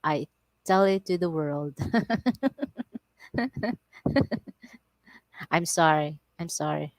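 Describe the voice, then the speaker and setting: Filipino woman vlogger, middle-aged, slow animated storyteller, dry close audio. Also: sits low, no echo. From Philippines. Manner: animated storytelling, laughs often, broken English. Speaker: vlogger on a livestream. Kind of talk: casual livestream chat.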